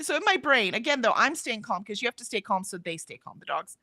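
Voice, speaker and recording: A middle-aged woman co-hosting a live stream, chatting casually and telling an animated story full of ums and "right?", acting out the other people's lines as she goes. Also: fairly high pitch, quick pace, hardly any pauses, no echo, studio quality. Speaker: co-host of a writing sprint stream. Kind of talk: casual chat.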